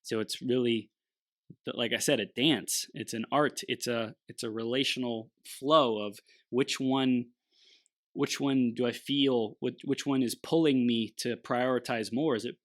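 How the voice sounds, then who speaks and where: A man, the host of a conversation, thinking aloud in a searching way and often restarting his phrases. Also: medium pitch. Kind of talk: reflective conversation.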